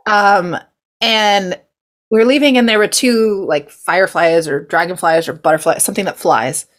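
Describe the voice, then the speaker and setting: A woman's voice: lowish voice, normal speed. A young woman from California hosting a podcast, chatting casually and giggling through a rambling story. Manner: chatty and giggly, lots of fillers and asides. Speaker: podcast host. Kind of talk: casual chat.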